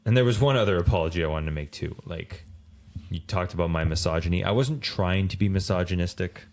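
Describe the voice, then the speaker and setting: Man, very low voice, rambling casual podcast chat, animated, lots of fillers. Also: a little fast. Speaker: podcast co-host.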